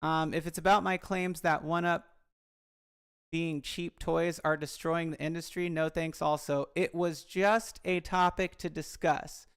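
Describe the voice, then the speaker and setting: Woman youtuber rambling frankly, gravelly but smooth voice. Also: deep voice, steady tone, unhurried. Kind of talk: casual commentary vlog.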